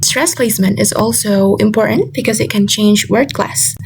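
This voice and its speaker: A young woman whose first language is Indonesian gives a class presentation, carefully repeating example words slowly. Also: mid-range voice, noisy background. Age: young adult. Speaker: student presenter. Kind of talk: class presentation on word stress.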